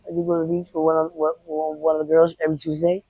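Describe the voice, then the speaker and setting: A woman interviewed outdoors on the street, recounting her experiences in a blunt, unfiltered way with halting restarts. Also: low-pitched, completely flat delivery, dry recording, narrow, tinny audio. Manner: rapid, halting retelling. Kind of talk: candid personal storytelling.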